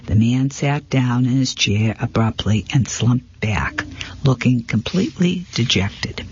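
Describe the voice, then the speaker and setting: A man narrating a first-person mystery novel as an audiobook, in a plain, steady storytelling voice with small slips. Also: mid-range voice, measured pace, slight background noise. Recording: dull lo-fi recording.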